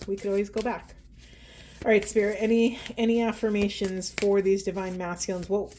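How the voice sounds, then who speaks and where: Mellow-voiced woman giving an earnest card reading. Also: mid-range voice, a little hiss or hum. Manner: earnest, heartfelt, addresses viewers directly. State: tearful and emotional. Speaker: tarot and oracle card reader. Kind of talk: spiritual card reading monologue.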